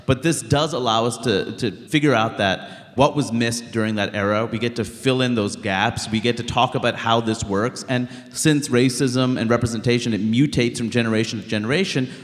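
A stand-up comedian from Queens, talking in an interview in an animated, emphatic way. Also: medium pitch, moderate pace, hardly any pauses, big-room sound. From Queens, New York. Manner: animated, emphatic, blunt, many "like" fillers. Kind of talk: conversational interview.

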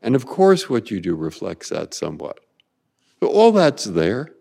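Older male guest, 80s, lively discursive delivery, roomy reverb on the voice. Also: on the low side, measured pace, vocal fry. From San Francisco, USA. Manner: discursive, circling back with repeated words and asides. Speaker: Supreme Court justice, guest. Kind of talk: reflective interview answers.

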